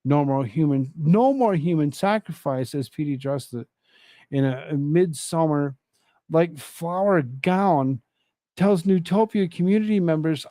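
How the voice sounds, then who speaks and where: A man's voice: a little high, a little slow, dark tone, no room sound. A man hosting a casual commentary show, sarcastic and exasperated as he rambles about news and viral clips.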